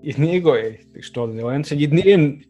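A man's voice: a little high, animated, quick pace, warm tone, faint music behind. A man, joining a podcast chat and telling rambling anecdotes. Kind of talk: casual banter.

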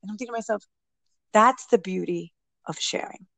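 A woman guest and mother telling a personal story in a casual interview, animated and acting out what people said. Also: medium pitch, moderate pace, dry recording. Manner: animated, acts out quoted speech.

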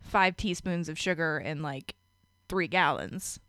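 A woman's voice: sits low, lively intonation, a little slow, fairly bright tone, no room sound. A woman co-hosting a casual podcast chat, talkative, laughing often and swearing offhandedly. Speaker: podcast co-host.

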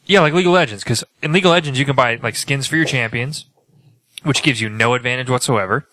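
A man with a bright, forceful voice talks through his point in casual podcast chat. He keeps starting over mid-sentence as he explains. The sound is dry and close. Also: mid-range voice, fast talker, no echo. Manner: explains at length with many restarts. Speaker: podcast co-host.

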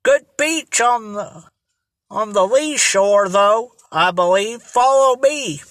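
A reader doing a sensible teenage boy sleuth from a storybook. He speaks slowly and plainly, his tone bright and close to the mic with no room around it. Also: medium pitch, dry recording. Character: eager teenage boy detective, Frank. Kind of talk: audiobook character reading.

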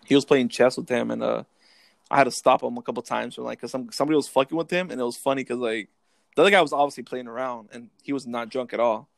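A man's voice: medium pitch, fairly even intonation, fast, gravelly, dry recording, studio quality. A young man telling stories in laid-back casual chat, cursing freely. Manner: laid-back, profane storytelling. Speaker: soldier.

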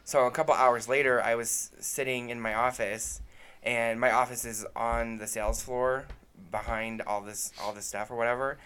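A man's voice: medium pitch, fairly even intonation, normal speed, pushed and bright, smooth. Man telling a heated work story. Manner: profane, heated storytelling, often trails off with fillers. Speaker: podcast co-host. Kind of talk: casual chat.

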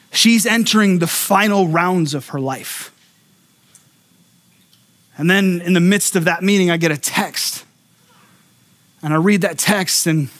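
A middle-aged male pastor preaching a sermon, telling a personal story with acted-out quotes and stumbling restarts. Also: on the high side. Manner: animated storyteller who acts out quotes and repeats words.

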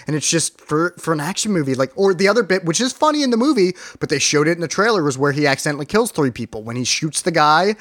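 A man's voice: a little high, sing-song, quick pace, hardly any pauses, fairly bright tone, no echo. A man co-hosting a podcast, rambling and swearing casually as he reviews a movie. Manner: rambling, profane, quotes lines in put-on voices. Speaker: podcast co-host.

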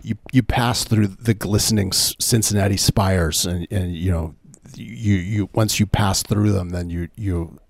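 Man, deep voice, mock-sincere comic co-host who rambles and restarts. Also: fairly even intonation, creaky, no room sound, studio quality. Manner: mock-earnest, rambling, halting. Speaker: podcast co-host. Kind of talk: casual comedic banter.

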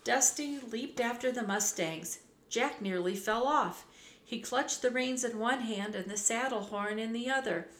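Slow-reading woman storyteller in an echoey room. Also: on the high side. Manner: measured, clear, expressive. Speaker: narrator. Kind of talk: storybook read-aloud. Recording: roomy echo, faint background hum.

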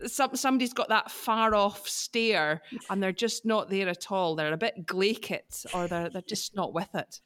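Scottish woman, podcast co-host, chatty, playful, mid-pitched. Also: moderate pace, few pauses, fairly bright tone. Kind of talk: casual podcast chat.

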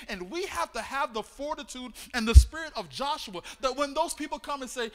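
High, bright-voiced man preaching in a hall. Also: big pitch swings, fairly quick, few pauses. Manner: sing-song preaching cadence, rising into loud exclamations. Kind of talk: sermon. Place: church sanctuary. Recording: long hall reverb.

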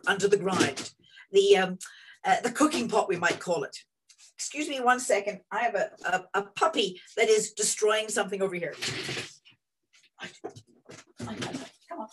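A woman in her sixties, a guest telling students about her career in an animated, rambling way from home over a video call. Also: mid-range voice, slight background noise, low-quality recording. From Northern Ireland. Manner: animated and rambling, many restarts. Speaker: interview guest, energy executive. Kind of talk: reflective storytelling to students.

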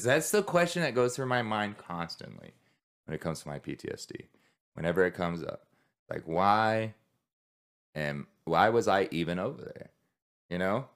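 A man's voice: low-pitched, big pitch swings, moderate pace, long pauses, a bit bright, clean tone. A man who is a military veteran, talking candidly in a casual podcast conversation, rambling with many restarts and swearing.

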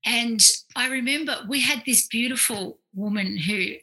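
A woman, a clinical psychologist, telling stories in a casual, animated way, full of fillers and quoted asides. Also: fairly high pitch, normal speed, poor audio. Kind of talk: casual storytelling in conversation.

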